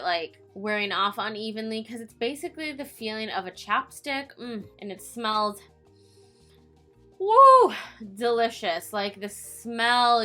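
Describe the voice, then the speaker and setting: A woman's voice: mid-range voice, bright, forceful tone. A young woman reviewing makeup in a vlog, chatty, giggly and self-mocking, tired from filming late at night. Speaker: beauty vlogger.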